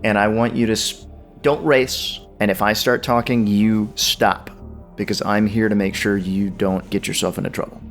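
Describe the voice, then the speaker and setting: A steady, reassuring defense lawyer, voiced by a man in a tabletop game, talking with measured calm. His voice sits somewhat low, and faint music plays underneath. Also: lightly acted.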